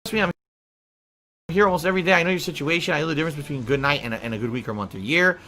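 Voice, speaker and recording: A man's voice: on the high side, racing, pushed and bright, slight background noise. A man livestreaming, reading chat aloud and answering it in a defensive, profane way. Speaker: streamer. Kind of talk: livestream talk.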